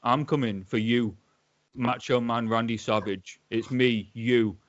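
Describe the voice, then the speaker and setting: A cocky British wrestler calls out his rival in a Manchester accent, as a man puts him on. He speaks at a medium pitch. The recording sounds dull and lo-fi. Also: fairly even intonation, close to an everyday voice. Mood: boastful. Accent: attempted Manchester. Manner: laughing through it, halting. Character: boastful male British wrestler cutting a promo.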